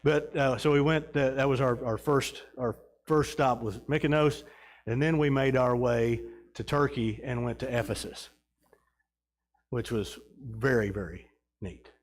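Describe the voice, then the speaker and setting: A man's voice: mid-range voice, fairly even intonation, measured pace. Rambling man teaching a church class. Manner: rambling, many restarts and fillers. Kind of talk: casual slideshow talk about a trip.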